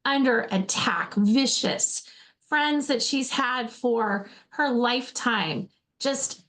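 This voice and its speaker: A woman in her forties from Alaska, a host and faith-based speaker, gives an earnest motivational talk. Her voice is a little high and a bit bright, and she speaks slowly. She often addresses listeners as friends and repeats words as she goes.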